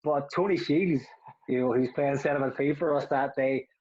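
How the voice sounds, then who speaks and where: A man's voice: medium pitch, moderate pace, a little mellow. A man, a young adult and former footballer, telling a rambling story in casual chat with frequent laughs and restarts, in a dull, lo-fi recording. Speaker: former footballer, podcast co-host.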